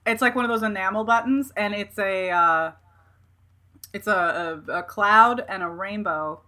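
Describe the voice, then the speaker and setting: A woman hosting a podcast in casual chat, animated and often laughing. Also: mid-range voice, measured pace. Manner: animated, laughing, quotes herself in voices. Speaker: podcast host.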